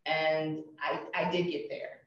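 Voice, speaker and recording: A woman's voice: low voice, flat delivery, takes it slowly. Brief: woman podcast guest, reflective and chatty, heard distant and dull. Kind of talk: casual interview chat. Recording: echoey, distant, muffled podcast audio.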